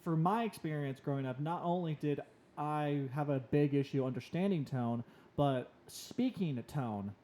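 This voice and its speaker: A young man co-hosting a casual podcast, telling personal stories and getting animated when he quotes himself. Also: fairly high pitch, normal speed. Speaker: podcast co-host on the autism spectrum.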